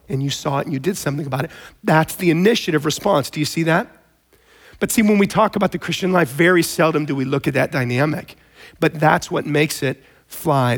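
A man preaching a sermon in a conversational, storytelling way, with animated emphasis. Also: a little high, moderate pace. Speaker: pastor.

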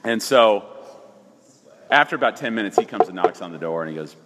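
Low-voiced man, pastor, animated storyteller, long reverb tail. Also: fairly quick, very noisy. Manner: animated, emphatic storyteller with frequent restarts. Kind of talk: storytelling in a casual conversation.

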